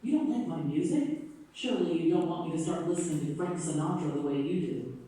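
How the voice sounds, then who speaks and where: A woman's voice: on the low side, fairly quick, mellow, close to an everyday voice. A woman playing an easygoing roommate who answers complaints with surprise and defensiveness, in a scripted listening exercise played over classroom speakers. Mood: defensive. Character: young woman named Sasha, easygoing roommate. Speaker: actor in a textbook listening dialogue. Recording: very echoey room, played from far off.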